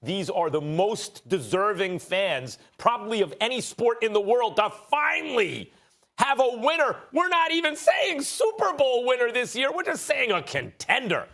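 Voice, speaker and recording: A man making rapid-fire, argumentative rebuttals as a host on a televised sports debate show. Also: very high voice, very animated, pushed and bright. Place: TV studio.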